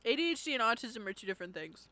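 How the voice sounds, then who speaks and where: A woman streamer giving blunt, profane, animated commentary as she reacts to a video on a close microphone. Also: fairly high pitch, rapid-fire. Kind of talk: casual live-stream commentary.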